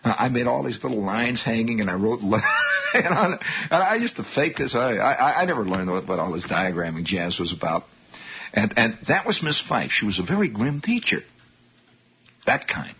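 A man's voice: lowish voice, very animated, normal speed, slightly rough. A man telling a rambling story, with restarts and asides to his listeners. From Indiana, US. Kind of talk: storytelling monologue. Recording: dull lo-fi recording.

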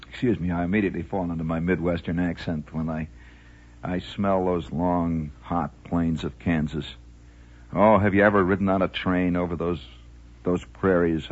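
A man's voice: deep voice, breathy edge. A man hosting a rambling late-night radio monologue, theatrical and mock-grand, talking around a cigar in his mouth. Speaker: radio host. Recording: dull lo-fi old radio recording with faint music.

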